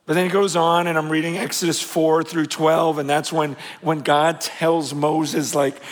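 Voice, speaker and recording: A man preaching a sermon, conversational with fillers, swinging between shouts and hushed tones. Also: a little high, flat delivery, measured pace, few pauses. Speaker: pastor. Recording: long hall reverb.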